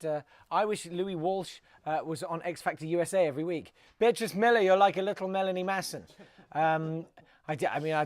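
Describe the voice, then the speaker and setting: A man's voice: fairly high pitch, no echo. A man hosting a live comedy web show, rambling and self-mocking with mock-grand outbursts.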